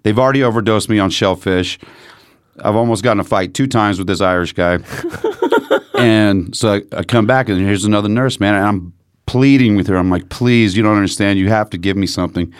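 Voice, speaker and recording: A podcast guest from the United States tells profane stories in casual conversation, animatedly acting out what people said. His voice is on the low side and brisk, with a clean tone in a dry recording.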